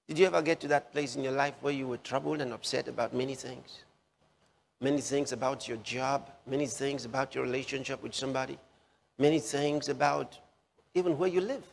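A man's voice: medium pitch, fairly even intonation, a little fast, gravelly, long reverb tail, slight background noise. A man preaching a sermon, repeating phrases for emphasis and asking listeners direct questions.

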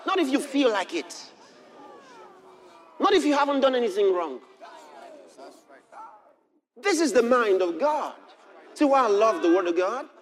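High-voiced, animated male preacher. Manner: impassioned preaching that builds to shouts; storytelling with scripture readings. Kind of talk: sermon.

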